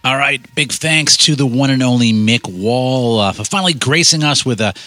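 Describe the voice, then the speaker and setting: A man hosting a podcast, thanking a guest and plugging a show with halting fillers. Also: medium pitch, bright, forceful tone, no room sound. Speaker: podcast host.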